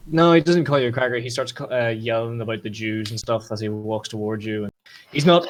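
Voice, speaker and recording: A man acting as game master, narrating a tabletop role-playing scene, often pausing and restarting. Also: mid-range voice, slight background noise. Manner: hesitant, lots of fillers and restarts.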